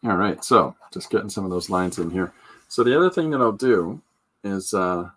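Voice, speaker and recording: A man's voice: sits low, animated, moderate pace, a bit bright, slightly rough. A man hosting a live stream, chatting loosely as he demonstrates comic inking and coloring, rambling and joking with many fillers. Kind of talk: casual live drawing demonstration.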